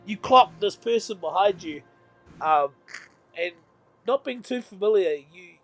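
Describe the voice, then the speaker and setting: A man runs a tabletop game, describing scenes in a meandering way and correcting himself often. His voice sits high for a man, with soft music playing faintly behind him. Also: lively intonation, unhurried. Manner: meandering, self-correcting narration. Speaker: game master.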